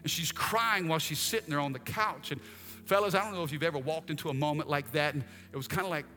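Male pastor, high bright voice, animated sermon with playful asides, church hall reverb, faint music. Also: fast. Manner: animated preaching with acted-out asides and humor.

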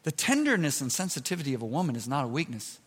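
A man preaching a sermon, emphatic, moving between loud shouted points and soft, close asides. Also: medium pitch, big pitch swings, fast, breathy edge. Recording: preached in a large reverberant hall.

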